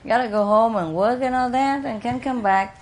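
Speaking a little fast in a voice on the high side, a woman leads a spiritual center gathering and chats informally with her live audience. She playfully teases people, coos tenderly at her pets and uses loose non-native English grammar. The recording comes from a noisy indoor room with listeners present.

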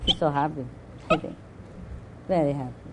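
In a noisy live recording from an indoor room, a woman with a low-pitched voice speaks at a normal speed while leading a spiritual center gathering. She keeps things casual with her audience, teasing people in fun and cooing fondly at her pets. Her English has loose, non-native grammar.

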